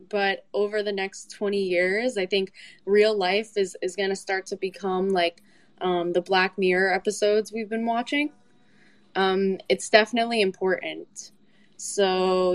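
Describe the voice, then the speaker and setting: A woman's voice: medium pitch, no room sound. A woman speaking as a guest in a casual chat, hesitant and full of fillers. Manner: hesitant, many fillers and restarts.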